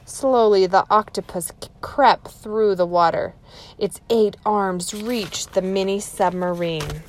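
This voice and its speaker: A woman's voice: mid-range voice, takes it slowly. A woman reading a chapter book aloud to children, adding chatty asides to her young listeners.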